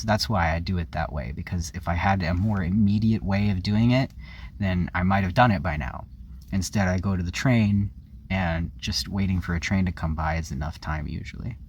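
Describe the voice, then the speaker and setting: A man's voice: low-pitched, normal speed, a little mellow, a little hiss or hum. A man vlogging a candid personal story, rambling and confessional, often circling back and correcting himself. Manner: rambling, frank and confessional, with self-corrections and frequent "like".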